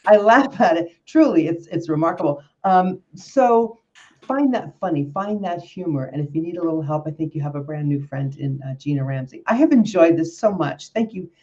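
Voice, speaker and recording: A woman's voice: low-pitched, animated, normal speed, mellow, highs cut off. A woman hosting an interview show, effusive and encouraging, talking over a video call. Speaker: show host. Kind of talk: interview chat.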